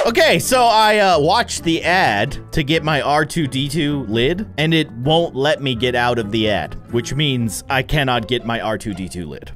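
Animated playful man narrating gameplay. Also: medium pitch, a little slow, soft background music. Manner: playful, animated, mock-dramatic. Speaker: gaming host. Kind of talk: casual gameplay commentary.

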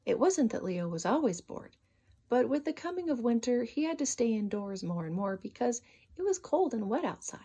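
A woman reading a children's storybook aloud with expressive, sing-song narration. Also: a little high, moderate pace, husky.

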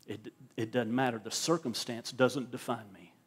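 Husky-voiced male pastor preaching emphatically. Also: medium pitch, fairly even intonation, normal speed. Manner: emphatic preaching with frequent word repeats. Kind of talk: sermon. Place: church service.

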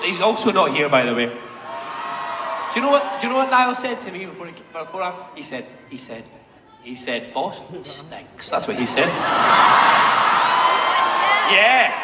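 A man in his twenties bantering with a live audience between songs, cheeky, rambling, self-mocking and swearing freely. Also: high-pitched. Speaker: singer on stage. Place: large indoor concert hall. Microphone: stage microphone. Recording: echoey hall with loud crowd noise.

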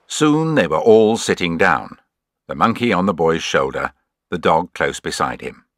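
A man narrating a children's adventure audiobook in an expressive, measured storytelling way. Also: low voice, no echo, studio quality.

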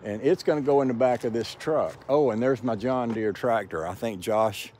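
A man's voice: medium pitch, normal speed, darkish tone, a little hiss or hum. An older man, talking in a rambling, folksy way as a vlogger, tired and a little out of breath, outdoors by his house. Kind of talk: casual rambling vlog.

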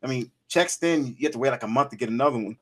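Animated swearing man telling stories. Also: mid-range voice, racing. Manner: animated storyteller, laughs often, swears freely. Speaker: podcast co-host. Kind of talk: casual chat.

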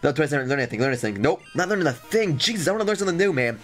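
Excitable trash-talking young gamer. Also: male voice, fairly high pitch, rapid-fire, faint music behind. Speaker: let's play host. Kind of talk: game commentary.

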